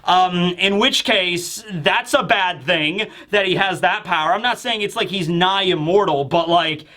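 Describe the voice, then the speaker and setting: A man reviewing a manga chapter in casual chat, animated and acting out the characters. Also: high voice, a little slow.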